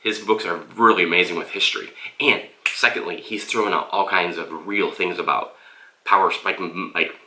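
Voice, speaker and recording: Deep male voice, tense sharp edge, rambling casual book review, echoey room. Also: fairly even intonation, moderate pace. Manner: rambling, addresses viewers as "guys". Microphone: camera mic.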